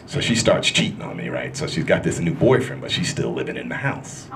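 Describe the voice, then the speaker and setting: A man doing a stand-up comedy set in a club, loud and crude, working the crowd as he tells stories. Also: rumbling low, fairly quick, gravelly. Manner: loud, crude, animated storytelling with crowd work. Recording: live club recording with room noise.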